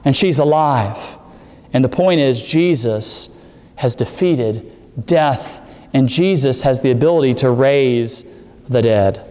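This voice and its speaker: A man's voice: mid-range voice, slow pace, darkish tone. Man preaching in a reverberant hall. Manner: expository preaching, rising emphasis on key words. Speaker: pastor. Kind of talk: sermon.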